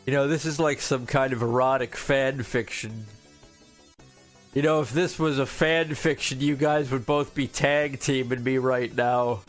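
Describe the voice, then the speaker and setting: A young man giving casual, joking gameplay commentary, excitable and swearing freely, with game music faint behind him. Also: medium pitch, a little slow. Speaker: gaming streamer.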